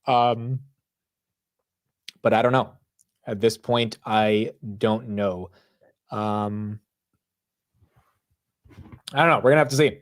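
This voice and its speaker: A man hosting a live market stream, talking loudly and animatedly in casual commentary, often poking fun at himself. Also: fairly low pitch, slow pace, pauses often. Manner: loud, animated, self-mocking. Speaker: livestream market show host.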